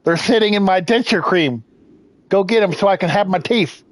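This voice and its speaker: A man's voice: sits high, moderate pace, pitched above the performer's own voice, lightly acted. A man voicing a bossy, toothless eighty-six-year-old man who barks orders.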